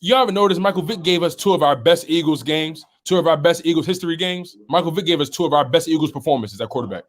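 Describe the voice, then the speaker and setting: A man's voice: a little high, fast. Philly guy running a sports livestream, reads chat comments and reacts, laid back and chatty. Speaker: live stream host. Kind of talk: casual sports talk live stream.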